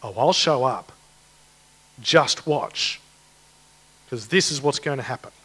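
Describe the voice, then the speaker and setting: A man's voice: medium pitch, slow pace, sharp tone, husky, voice pushed down, full character voice. A man voicing a weary, exasperated male God who challenges his people with sarcastic questions.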